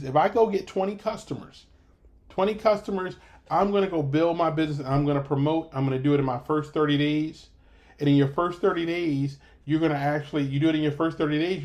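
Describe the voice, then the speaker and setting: A fairly high-voiced man leads a sales training session over a video call. He coaches with emphasis and circles back to repeat his points. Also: darkish tone.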